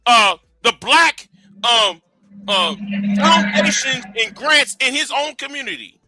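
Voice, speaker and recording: A man's voice: very high voice, lively intonation, slow pace, sharp tone. A man, debating heatedly and interrupting again and again with "hold on". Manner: repeats himself insistently, interrupts with "hold on".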